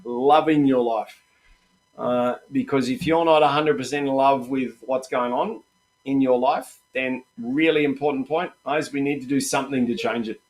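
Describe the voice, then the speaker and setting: Aussie guy hosting a live trading stream, chatty, keeps saying mate and guys, mid pitch. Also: fairly even intonation, moderate pace. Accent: Australian. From Australia. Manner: chatty and encouraging, says "mate" and "guys" a lot. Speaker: live trading room host.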